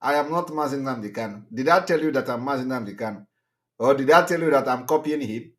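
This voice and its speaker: A man's voice: medium pitch, lively intonation, fast talker. A man hosting a live call-in show, laughing often and talking with many fillers. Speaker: host.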